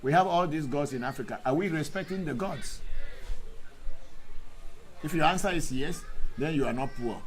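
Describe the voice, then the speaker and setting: A man's voice: on the high side, moderate pace, long pauses, poor audio. A man serving as a Vodu priest, reading out viewer comments in a live Q&A and answering critics bluntly and combatively, repeating lines for emphasis.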